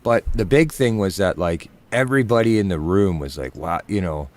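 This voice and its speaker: A man's voice: low-pitched, lively intonation, moderate pace, a little mellow. A man who plays music, chatting casually on a live stream and telling a story with lots of fillers. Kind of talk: casual chat.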